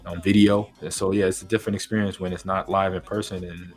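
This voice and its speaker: A man's voice: low-pitched, level tone, fast talker, faint music behind. A man talking as a guest on a sports radio show, laid-back and rambling with plenty of fillers. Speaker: guest, former football player.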